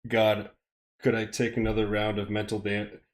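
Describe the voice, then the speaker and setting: His voice is lowish and completely flat, at a moderate pace. This American streamer and host reads a script aloud on a live stream, wandering into self-deprecating asides and chuckling between phrases.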